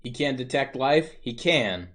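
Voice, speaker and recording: A man playing a formal, measured commander. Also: medium pitch, animated, fairly bright tone. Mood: warning.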